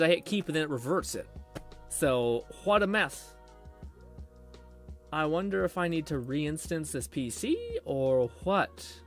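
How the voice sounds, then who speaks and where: A man's voice: on the high side, big pitch swings, slow pace, long pauses, faint music behind. A man live streaming from his home computer, chatting casually with viewers and rambling and swearing while he troubleshoots his PC.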